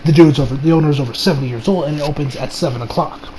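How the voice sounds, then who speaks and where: A man's voice: on the high side, rapid-fire, warm tone, a little hiss or hum, low-quality recording. A young man reviewing an anime episode in casual chat, rambling with restarts and swearing freely.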